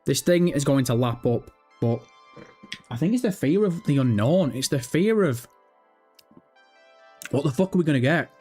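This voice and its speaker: Young male stream host, higher voice, jittery and sweary, faint music bed. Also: normal speed, long pauses, slightly rough. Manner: excitable, profane, chatty. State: nervous. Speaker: livestream host. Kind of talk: casual live-stream chat.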